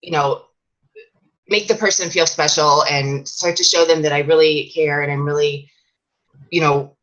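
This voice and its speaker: A woman's voice: deep voice, fairly bright tone, lo-fi sound. A woman fitness coach giving a casual, chatty training talk to her sales team, with plenty of fillers and restarts.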